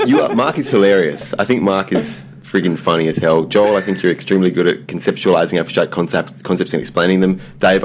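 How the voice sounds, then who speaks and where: An Australian man with an Australian accent, a guest on a gaming podcast, chatting in an effusive, laughing way. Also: sits low. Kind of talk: casual podcast chat.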